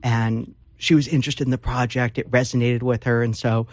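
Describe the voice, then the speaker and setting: A man's voice: mid-range voice, fairly quick, no room sound, studio quality. A man, an author and lawyer, talking as a guest in an interview, telling stories with many fillers. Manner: animated storyteller with fillers. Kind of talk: casual interview talk.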